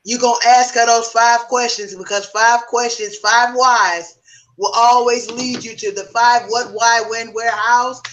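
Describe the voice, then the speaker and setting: A woman's voice: on the high side, fairly even intonation, a little slow, a bit bright, far from the mic, muffled recording. A woman co-hosting a casual round-table chat, talking reflectively and giving advice to the younger men at the table. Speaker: co-host.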